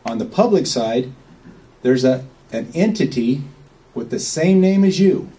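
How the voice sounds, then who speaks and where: A man's voice: medium pitch, lively intonation, unhurried, mellow, recorded from a distance, poor audio. A man giving an informal, rambling talk to a small group, often checking in with "okay?". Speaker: speaker at a meeting.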